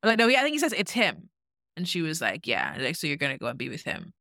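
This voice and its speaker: A woman's voice: low-pitched, quick pace, creaky, dry recording, clean studio sound. A young woman co-hosting a podcast, telling a reality-show story in casual chat and acting out what people said. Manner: animated storytelling, acting out quotes with lots of "like". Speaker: podcast co-host.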